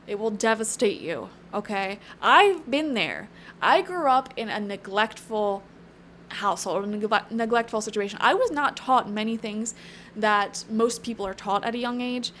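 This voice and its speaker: A woman's voice: on the high side, animated, moderate pace, a bit bright, a little hiss or hum. A woman doing a casual tarot reading to camera, chatty and emphatic, drifting into earnest pep talks and tossing in "okay?" and "you know". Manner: tangential, earnest pep talk. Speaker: tarot reader.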